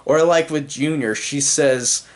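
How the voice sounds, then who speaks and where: A man's voice: fairly high pitch, a little slow. A young man giving a casual, enthusiastic movie review, rambling with lots of fillers.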